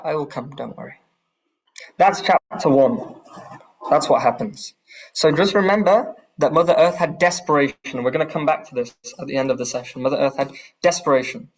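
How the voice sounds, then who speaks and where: A man teaching a scripture class with a fairly high voice. He retells the story with animated swings in pitch and asks the room questions as he goes.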